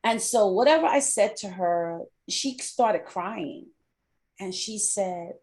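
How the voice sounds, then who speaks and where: A woman's voice: mid-range voice, animated, slow pace, a little mellow. Candid middle-aged woman podcast host. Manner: candid, repeats phrases for emphasis. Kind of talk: personal storytelling podcast.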